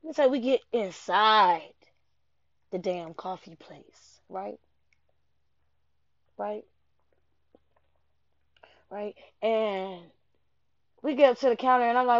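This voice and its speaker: A young woman telling a rambling, profane personal story in an animated way. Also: mid-range voice, takes it slowly, long pauses, no echo. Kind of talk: casual personal anecdote. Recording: dull lo-fi dry recording.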